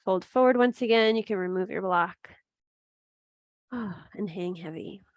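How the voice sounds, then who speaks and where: A woman teaching a gentle yoga class, giving steady cues with chatty asides and laughing at her own slips. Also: medium pitch, a little slow, no echo, highs cut off. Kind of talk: guided yoga class instruction.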